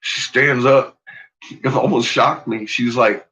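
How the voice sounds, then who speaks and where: A man's voice: medium pitch, measured pace, bright, forceful tone, lo-fi sound. A man casually telling a personal story, swearing freely and laughing often as he talks.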